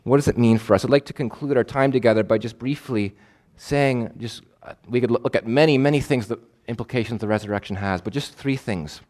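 Male preacher giving a sermon, average pitch, drawn out and emphatic, repeats lines for effect. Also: a little mellow. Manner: emphatic, repeats key phrases for weight; measured, stretches words for stress.

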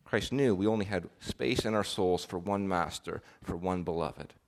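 A man delivers a sermon in a somewhat low voice. He speaks earnestly, pushing certain phrases with force and letting others fall quiet. Now and then he stumbles and restarts a word. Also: moderate pace, a little hiss or hum. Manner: earnest, with swells of emphasis and soft drops. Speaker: preacher.

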